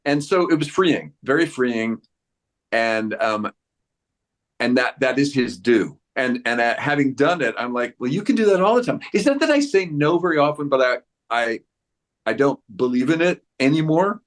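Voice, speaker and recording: A man's voice: mid-range voice, very animated, moderate pace. A man in his sixties, an actor giving a press interview, who rambles with many restarts and acts out quoted voices. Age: 60s. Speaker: actor guest.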